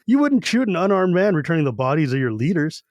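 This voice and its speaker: A man's voice: on the high side, sing-song, quick pace, a little mellow, dry recording. A man voicing a sarcastic enemy officer with a harsh, blaring voice. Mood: taunting.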